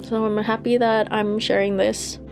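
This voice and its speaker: A woman's voice: medium pitch, level tone, moderate pace, over music. A woman who works as an energy healer, telling her personal story in an earnest, reflective way. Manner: earnest, reflective, with laughs and sighs.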